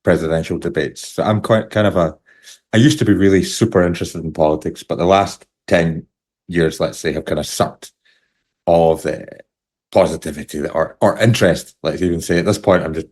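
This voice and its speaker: A man from the United Kingdom hosts a relaxed podcast interview. His voice sits very low, and he rambles, breaking off and restarting his sentences as he talks. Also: a little fast, slightly rough. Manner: rambling, self-interrupting, chuckles often. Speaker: podcast host. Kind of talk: casual interview chat.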